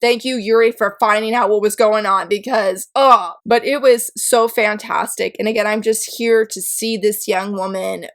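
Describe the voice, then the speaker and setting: A woman's voice: medium pitch, moderate pace, hardly any pauses. A young woman chatting casually about books she read, gushing and acting out her own reactions. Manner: gushing, animated, with frequent "like" and quoted reactions. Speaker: book reviewer. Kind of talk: casual chat.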